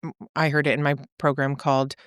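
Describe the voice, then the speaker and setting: A woman podcast co-host who works as a therapist, explaining ideas in a relaxed, thoughtful way and checking in with "right?" and "you know?". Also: sits low, fast talker, clean tone, dry recording, clean studio sound. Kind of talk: casual faith podcast conversation.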